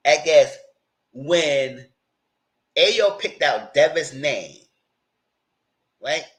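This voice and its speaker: A man's voice: on the high side, very slow, poor audio. A man casually recapping and reviewing a reality TV episode, chatty and informal, acting out what people said. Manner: chatty, animated, retells scenes with quoted voices; informal, conversational phrasing.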